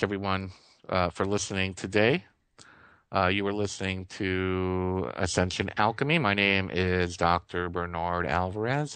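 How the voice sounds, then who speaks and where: A man with a fairly low voice delivers an impassioned spiritual monologue on talk radio, earnest and heartfelt. He circles back on phrases to press his point. The sound is dry and close, with no room around it. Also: a bit bright, smooth, dry recording. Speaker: radio show host.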